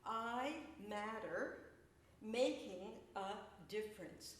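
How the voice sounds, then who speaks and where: A woman poet giving a measured, deliberate poetry reading and spoken-word performance in a gallery. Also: medium pitch. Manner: measured, deliberate, rhythmic delivery. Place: echoey gallery hall. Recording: echoey room, mic far away.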